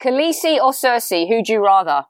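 Woman host, playful, brisk, quiz questions, dry close sound. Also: fairly high pitch, sing-song, no room sound. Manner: brisk, playful, calls guest babe. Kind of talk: casual chat, quick-fire quiz.

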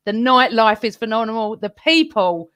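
A woman hosting a casual chat sounds chatty and giggly. Her voice swings widely in pitch and sits a little high. The sound is dry and close. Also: expressive, normal speed, fairly bright tone, smooth, dry recording. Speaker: host.

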